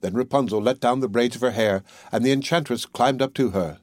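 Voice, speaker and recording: A man narrating a fairy tale as an audiobook reader, in a measured, even reading. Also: medium pitch, dry recording. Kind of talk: storybook narration.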